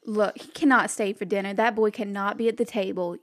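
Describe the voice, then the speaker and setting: A woman's voice: mid-range voice, steady tone, fairly bright tone, lightly acted. A woman voicing a stern, wary servant woman who scolds and speaks firmly. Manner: firm, scolding, drawn-out phrasing.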